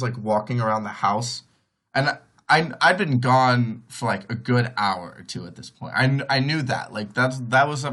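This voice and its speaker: A man's voice: mid-range voice, a bit bright. A young man tells a story alone into the mic, loose and chatty. His voice sits in an ordinary middle register. He keeps saying "like", restarts his sentences and briefly mimics relatives as he goes. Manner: rambling, heavy on "like", acts out others' voices. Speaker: podcast host. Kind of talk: casual storytelling monologue.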